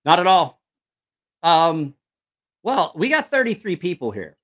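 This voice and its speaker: A man's voice: on the high side, very animated, unhurried, fairly bright tone. A man hosting a casual live stream who rambles, swears freely and loses his train of thought. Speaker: knife channel livestream host. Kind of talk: casual livestream chat.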